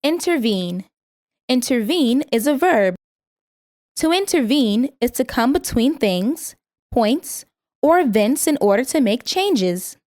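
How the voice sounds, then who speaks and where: A woman reading a scripted vocabulary lesson in a measured way, saying each word twice so learners can repeat it. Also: on the high side, sing-song, a little mellow, no echo, clean studio sound. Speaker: vocabulary instructor.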